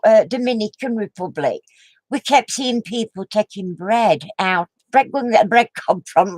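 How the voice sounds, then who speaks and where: Older woman, slow chatty storyteller, giggly, dry close sound. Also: on the high side, no echo. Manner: giggly, laughs through her words; chatty, homely exclamations. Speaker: craft vlogger. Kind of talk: rambling anecdote to camera.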